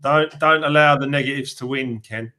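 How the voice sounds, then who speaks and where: A man's voice: medium pitch, steady tone, moderate pace, sharp tone. A middle-aged man hosting an interview, openly emotional and encouraging, calling his guest "mate". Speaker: host. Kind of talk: casual interview chat.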